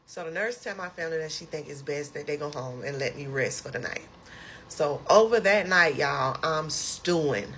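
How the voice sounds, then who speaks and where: A woman telling a personal story in a casual, animated storytime style, acting out her own outbursts. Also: sits low, normal speed, a little hiss or hum. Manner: animated, emotional retelling with lively quoted outbursts.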